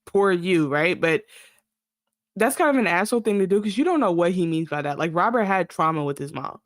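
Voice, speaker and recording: A woman's voice: fairly low pitch, expressive, brisk, no room sound, studio quality. Chatty woman recapping a TV show. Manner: chatty, laughs often, gives opinions and acts out lines. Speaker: podcast co-host. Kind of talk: casual TV recap chat.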